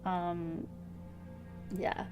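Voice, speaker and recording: A woman streamer casually thinking aloud over a puzzle game, hesitant and giggly, with soft music behind. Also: on the low side, flat delivery, very slow. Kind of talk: casual gameplay commentary. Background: soft background music.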